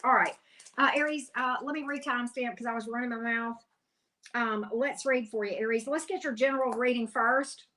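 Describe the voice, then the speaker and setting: A woman's voice: on the high side, bright, forceful tone. A woman hosting a live tarot reading, chatting casually, greeting viewers by name and exclaiming at the cards.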